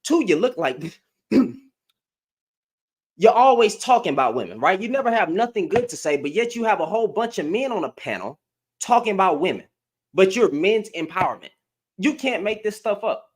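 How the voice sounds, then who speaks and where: A young man with a high, swooping voice delivers a reaction commentary to his webcam at home. He rants and repeats himself, each line rising and falling in disbelief. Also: big pitch swings, normal speed, breathy edge. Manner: ranting, repeats phrases, incredulous. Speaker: commentary vlogger. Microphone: computer webcam.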